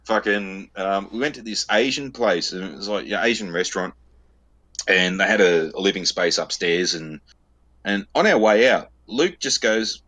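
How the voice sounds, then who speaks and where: A man's voice: low-pitched, lively intonation, normal speed, bright, forceful tone. A man with an Australian accent, telling crude stories in a casual podcast chat, swearing freely and laughing at his own jokes. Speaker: podcast co-host. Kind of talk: casual storytelling banter.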